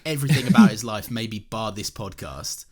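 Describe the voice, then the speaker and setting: Lively, sweary male podcast host. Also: fairly low pitch, moderate pace. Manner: animated storyteller, swears freely, does silly voices. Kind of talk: casual chat.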